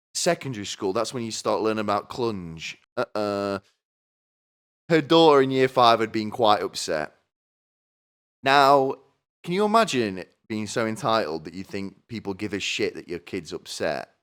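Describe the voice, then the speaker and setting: A man's voice: lowish voice, expressive, normal speed, pauses often, fairly bright tone, clean tone. A man hosting a comedy podcast, ranting in a crude, sardonic way, swearing a lot and asking "right?" over and over. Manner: asks the listener "right?" again and again. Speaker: podcast host. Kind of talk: comedic rant.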